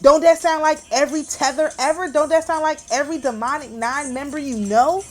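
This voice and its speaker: A woman speaks to her viewers in loose, heated commentary, pressing her points with indignant emphasis. Her voice sits high, and quiet music plays faintly behind her. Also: fairly even intonation, a little fast. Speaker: channel host. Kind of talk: casual vlog commentary.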